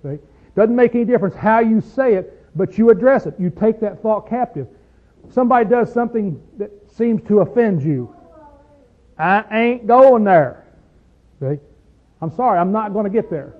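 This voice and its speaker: A man's voice: high-pitched, animated, a little fast. A man preaching a sermon in a folksy, emphatic way with a Southern US accent, often asking his listeners questions. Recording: tinny phone-like recording.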